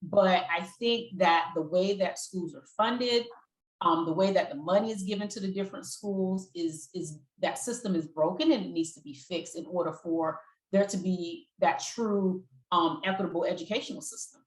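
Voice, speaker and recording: A woman's voice: lowish voice, moderate pace, reverberant, rough recording. A woman co-hosting an interview, speaking emphatically and repeating her points in casual conversation. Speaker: co-host.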